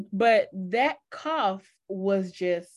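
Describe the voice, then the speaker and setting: A woman's voice: mid-range voice, lively intonation, drawn-out words, a little mellow. A woman with a Southern US accent co-hosting a podcast, reminiscing in easygoing casual chat with frequent laughs. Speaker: podcast co-host.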